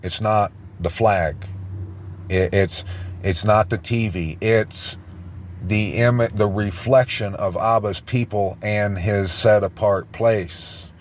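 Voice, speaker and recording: A man giving informal online religious teaching, rambling and halting with many false starts and restarts as he reads passages aloud. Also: fairly low pitch, fairly even intonation, a little hiss or hum. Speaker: preacher.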